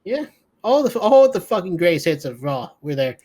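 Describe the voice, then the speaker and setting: A man with a high-sitting, mellow voice and big pitch swings talks at normal speed while co-hosting a podcast. In casual chat, he gives a sleepy, profane, rambling recap of a wrestling show.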